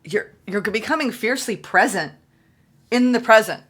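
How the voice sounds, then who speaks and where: A woman giving a solo tarot reading, excitable and gushing, repeating phrases for emphasis. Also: a little high, normal speed, husky. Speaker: tarot reader.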